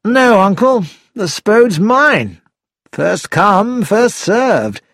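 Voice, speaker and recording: A man's voice: high voice, very animated, drawn-out words, a bit bright, dry recording, clean studio sound, voice pushed up, full character voice. A man doing a smug, teasing young man.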